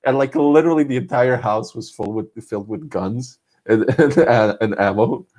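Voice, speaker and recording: A man's voice: mid-range voice, normal speed, a little mellow. A man from Serbia, chatting casually on a live stream, joking and laughing often between lines.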